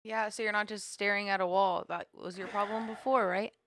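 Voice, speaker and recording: A woman's voice: medium pitch, fairly even intonation, brisk, fairly bright tone, no room sound, studio quality. A woman co-hosting a casual podcast, chatting in an amused way. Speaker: podcast co-host. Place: home basement studio.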